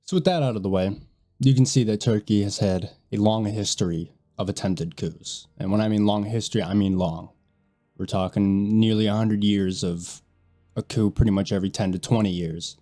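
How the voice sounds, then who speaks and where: Man, stuffy nasal voice, low-pitched, mellow tone, blunt casual history narration, soft music underneath. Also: a little fast. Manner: blunt, conversational, swears casually. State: nasal and congested from a sinus infection. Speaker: history video host.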